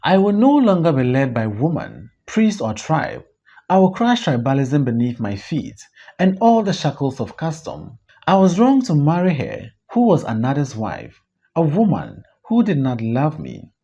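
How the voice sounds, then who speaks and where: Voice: medium pitch, huge pitch swings, measured pace, mellow, husky, exaggerated voice. A reader voicing a fiery young male leader who speaks in a commanding, preaching way, on a dull lo-fi recording. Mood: defiant.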